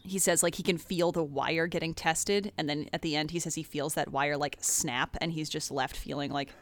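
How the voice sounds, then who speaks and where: A woman in a casual chat about game lore, excited and full of fillers and swearing. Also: low-pitched, moderate pace.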